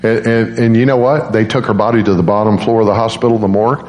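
A middle-aged man preaching an evangelistic sermon, telling an emotional story with passion and climbing high at its peaks. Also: fairly even intonation, fast talker, a little mellow. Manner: impassioned storytelling, rising high when acting out emotional quotes.

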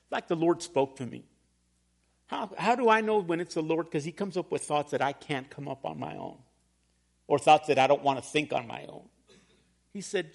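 A middle-aged man preaching a sermon as pastor, telling a personal story with humor and animated emphasis. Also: on the high side, creaky. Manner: storytelling, animated, laughs at himself.

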